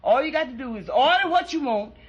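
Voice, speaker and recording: Sly conspiratorial barfly, as a woman comic puts him on, high voice. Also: expressive, brisk, husky, dull audio. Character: sly scheming male bar patron.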